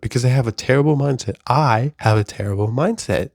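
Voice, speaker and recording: A young man in a casual confessional monologue, rambling and self-deprecating, often rising into animated rhetorical questions. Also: mid-range voice, brisk, no room sound, clean studio sound. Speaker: vlogger. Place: his bedroom.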